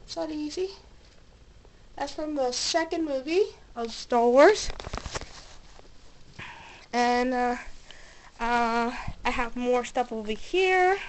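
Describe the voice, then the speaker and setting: Bubbly high-voiced young woman, out of breath. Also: expressive, slow, pauses often, a little hiss or hum, poor audio. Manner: bubbly, gushing, with little cheers. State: a little out of breath and sick. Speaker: vlogger. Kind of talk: casual show-and-tell vlog. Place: her bedroom. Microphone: camera mic, moving handheld.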